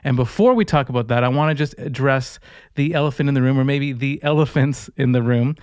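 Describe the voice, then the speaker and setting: A man's voice: medium pitch, fairly quick, darkish tone, smooth, no echo, clean studio sound. A man hosting a faith podcast in an upbeat, joking, chatty manner. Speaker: podcast host. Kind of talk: casual podcast chat.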